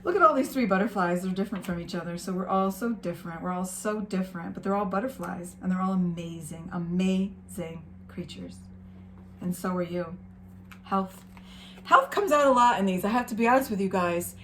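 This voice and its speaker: A woman giving an encouraging spiritual card reading to her viewers, gentle and sometimes emotional. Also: medium pitch, brisk, slight background noise. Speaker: tarot reader.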